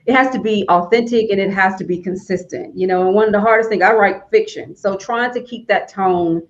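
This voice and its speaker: Southern-accented woman host, chatty and emphatic, mid-range voice, muffled lo-fi stream audio. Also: a little fast. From Alabama, US. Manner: chatty, emphatic, rising to high exclamations. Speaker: host, author. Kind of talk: casual interview chat. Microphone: video call.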